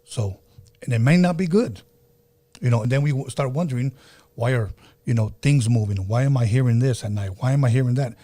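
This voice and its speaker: A man's voice: medium pitch, brisk, mellow, no echo. A man hosting a podcast, telling a story in an earnest, casual way and often repeating himself. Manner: earnest, repeats himself, acts out quoted voices. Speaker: podcast host.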